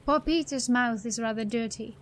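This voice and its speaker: A woman's voice: on the high side, normal speed, a little hiss or hum, close to an everyday voice. A woman voicing a fussy, fretful grown man who speaks in a prim, old-fashioned way.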